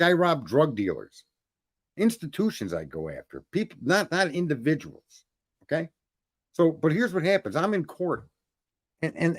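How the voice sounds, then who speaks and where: Male host, rants bluntly, swears a lot, restarts sentences, pitch swings widely. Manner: blunt, profane, ranting, addresses folks; repeats words when starting sentences. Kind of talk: profane storytelling.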